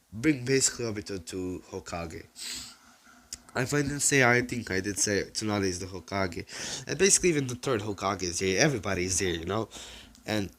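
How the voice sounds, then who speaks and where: A man's voice: on the low side, fairly bright tone, a little hiss or hum. A man casually telling a fan-made story, rambling and profane. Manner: rambling, profane, full of fillers.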